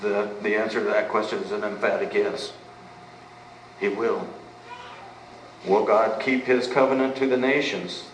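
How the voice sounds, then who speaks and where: A pastor in the middle of a sermon, his voice sitting somewhat low. He drives points home with questions he answers himself. The recording catches him from a distance in a reverberant church, with a faint hiss underneath. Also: steady tone, a little slow, pauses often. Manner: emphatic, asks and answers rhetorical questions. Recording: echoey room, mic at a distance, faint background noise.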